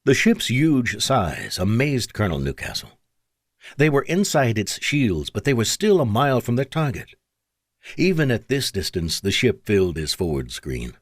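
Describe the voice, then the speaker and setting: A man's voice: mid-range voice, big pitch swings, moderate pace, dry recording. A man narrating an audiobook in dramatic, scripted storytelling on a close studio mic.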